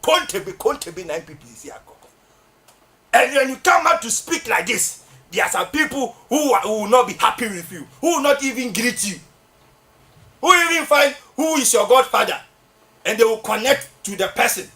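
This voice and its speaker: High, bright-voiced Ghanaian man ranting. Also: lively intonation, normal speed. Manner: fervent, scolding, shouts for emphasis. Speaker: political talk show host. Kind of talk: fiery political commentary. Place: radio or TV studio.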